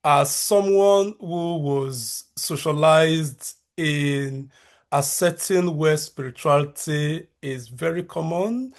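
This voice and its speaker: A man from Nigeria with a Nigerian accent talks at an unhurried pace over a video call, in a voice pitched slightly high for a man. He is a researcher and university lecturer who chooses his words with care, restarting phrases and filling pauses with "um" as he goes. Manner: measured, careful delivery with frequent fillers and restarts.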